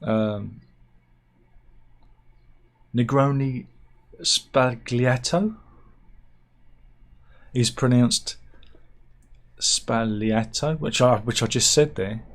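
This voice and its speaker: A man hosting a satirical news vlog, reading out stories with wry, deadpan asides and mock outrage. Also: medium pitch, very slow, long pauses. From United Kingdom. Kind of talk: offhand comic news chat.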